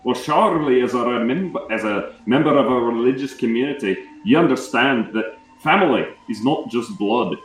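A man's voice: mid-range voice, lively intonation, normal speed, soft background music, natural voice. An improv comedy performer playing a boastful male thief-guild leader and woodsman, smug and self-justifying, stumbling through restarts. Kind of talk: improvised comedy role-play. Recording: roomy, distant room mic.

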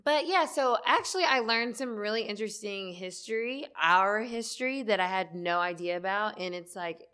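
A woman co-hosting a podcast, telling a story in a relaxed way with fillers. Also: medium pitch, moderate pace, clean tone. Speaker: podcast co-host. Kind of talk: casual podcast chat.

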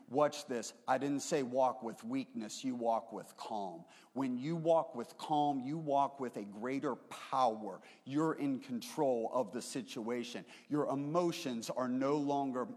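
A man preaching a sermon as the pastor, moving between relaxed storytelling and emphatic, raised declarations. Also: mid-range voice. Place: church sanctuary. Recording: roomy hall reverb.

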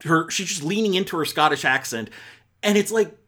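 Rambling man reviewing films, slightly high. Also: lively intonation, fairly quick, sharp tone. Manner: rambling, self-correcting, full of fillers; exasperated, mocking asides. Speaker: podcast film reviewer. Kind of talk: casual spoken film review.

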